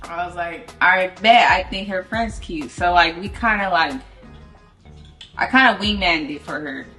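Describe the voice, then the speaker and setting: A woman's voice: lowish voice, normal speed, sharp tone, soft background music. A woman, telling a casual story in slang and quoting herself as she goes. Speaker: vlogger telling couple story.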